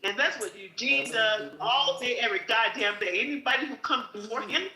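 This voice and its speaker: A woman's voice: on the high side, a little fast, reverberant, a crowd in the background, poor audio. A middle-aged woman on a group audio chat, angry, emotional and swearing as she speaks her mind. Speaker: call participant.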